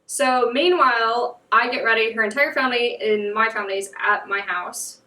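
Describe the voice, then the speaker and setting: A woman's voice: a little high, normal speed, pushed and bright, distant mic. A young woman from the United States, a podcast guest telling a story in casual chat, full of "like" fillers. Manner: chatty, lots of "like" fillers. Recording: echoey room, off mic.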